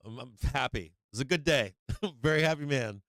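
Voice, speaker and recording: A man hosting a live trading stream, excitable and swearing freely, laughing often as he comments on the market. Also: mid-range voice, fairly quick, dry recording.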